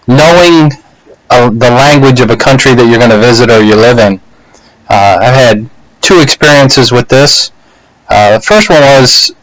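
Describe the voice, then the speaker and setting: Halting man telling a story. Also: mid-range voice, no room sound, rough recording. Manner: unhurried, halting, many "uh" and "you know" pauses. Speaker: speaker giving a practice speech. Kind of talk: casual personal storytelling to camera. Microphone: laptop webcam.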